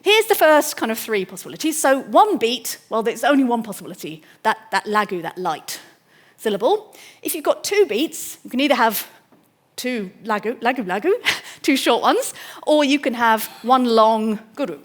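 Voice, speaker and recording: Woman lecturer, slightly high voice, eager and explanatory, restarts sentences as she goes. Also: sing-song, moderate pace. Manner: enthusiastic, explanatory, with frequent restarts. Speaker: mathematics lecturer. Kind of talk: public lecture.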